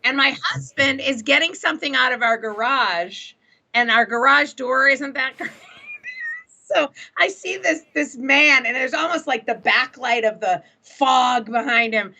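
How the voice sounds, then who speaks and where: Bright-voiced middle-aged woman telling stories. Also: high voice, a little slow. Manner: animated storyteller, laughs often. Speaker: guest. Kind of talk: casual podcast chat.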